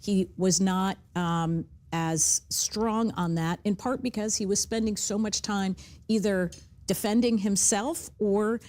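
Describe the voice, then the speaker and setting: A woman political analyst giving measured panel commentary. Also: mid-range voice, fairly even intonation, darkish tone.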